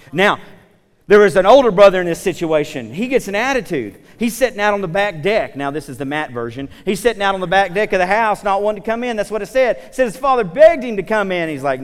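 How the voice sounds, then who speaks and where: A man's voice: on the high side, fairly quick, clear, resonant tone. Guy preaching loose and chatty, tosses in side jokes, big reverby hall. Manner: animated, casual storytelling with asides. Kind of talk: conversational sermon.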